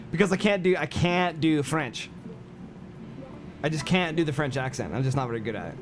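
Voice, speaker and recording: A man's voice: on the high side, animated, brisk, pauses often, a bit bright. A man casually chatting on a game livestream, rambling and answering chat with lots of fillers and repeated words. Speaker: game streamer. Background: music.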